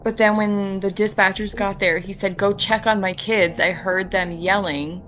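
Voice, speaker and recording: A woman's voice: medium pitch, steady tone, normal speed, fairly bright tone, faint music behind, poor audio. A woman hosting a podcast, talking casually and skeptically about a criminal case. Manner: chatty, skeptical, fond of quoting others in mock voices. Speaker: podcast host. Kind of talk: casual true-crime chat.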